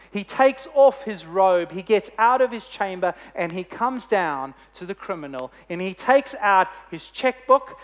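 A preacher delivering a sermon, telling a story with emphatic, deliberate phrasing. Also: mid-range voice, fairly bright tone.

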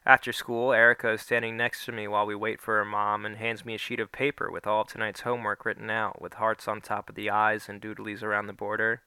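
Male story narrator, bright and crisp, dry close mic. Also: monotone, fast, few pauses, no room sound. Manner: voices the characters with small pitch shifts. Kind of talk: first-person story reading.

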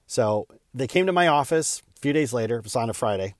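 A man, a real estate agent, telling a heartfelt personal story in an earnest way that speeds up and slows down with emotion. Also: mid-range voice, animated, dry recording, studio quality.

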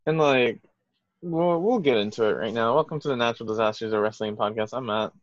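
A man's voice: medium pitch, fairly quick, no echo, dull audio. A man co-hosting a wrestling podcast, rambling through casual chat with lots of fillers and restarts. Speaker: podcast co-host.

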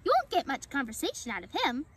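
An excitable little male squirrel chatters away in a high, quick voice, as a woman reading aloud puts him on. He stays bright and eager, bouncing through his words. It sounds like a storybook read aloud. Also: exaggerated voice. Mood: cheerful.

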